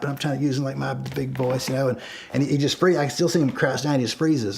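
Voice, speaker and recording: A middle-aged man casually telling a true story, acting out the shouts in it. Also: medium pitch, fast, creaky, a little hiss or hum. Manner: animated, acts out his own yelled lines. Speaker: storyteller guest.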